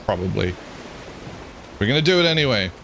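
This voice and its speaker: A man's voice: fairly low pitch, very animated, a little fast, creaky, fairly bright tone, slight background noise. A man streaming a game, giving rambling, self-mocking commentary and chuckling often. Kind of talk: gameplay commentary.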